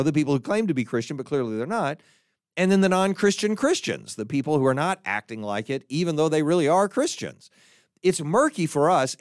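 A man's voice: fairly high pitch, dry recording, studio quality. A man teaching a Bible lesson, thinking aloud and often repeating words as he searches for the next one. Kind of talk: teaching talk to listeners.

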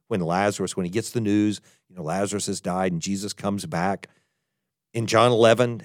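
A man preaching a podcast sermon in an earnest tone, moving between emphatic and hushed. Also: medium pitch, no room sound, studio quality. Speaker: pastor.

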